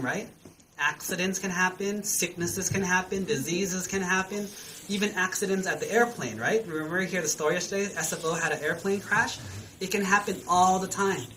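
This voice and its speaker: A man's voice: sits high, slight background noise, low-quality recording. A man, a Buddhist monk, telling a story to children as a sermon and quizzing his listeners with questions. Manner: asks the listeners questions, animated.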